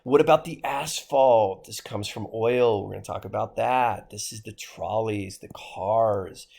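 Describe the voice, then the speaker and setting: A man's voice: lowish voice, measured pace, vocal fry, darkish tone. A man with a Midwestern American accent giving a history lecture to his class, asking rhetorical questions as he goes. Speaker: history teacher.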